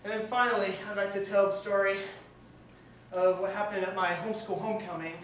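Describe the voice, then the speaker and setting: A man's voice: high-pitched, steady tone, fairly quick, heavy background noise. A young man in his late teens doing stand-up comedy, telling awkward, self-deprecating stories. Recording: echoey room recorded from far off, faint ambience.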